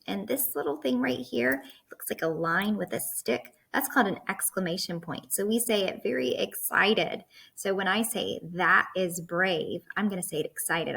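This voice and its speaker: A woman teacher leading a classroom lesson for young children, slow and patient as she explains. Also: mid-range voice, creaky, fairly bright tone, husky.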